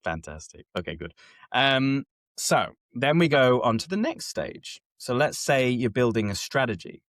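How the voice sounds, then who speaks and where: A man's voice: medium pitch, a little slow, no echo. A man hosting a casual chat, explaining step by step and often checking that his co-host is following. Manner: animated, keeps checking in with listener.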